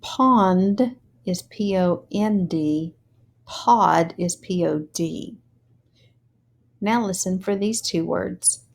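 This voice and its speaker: A woman teaching a phonics lesson, speaking slowly and deliberately and spelling words out letter by letter. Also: lowish voice, vocal fry.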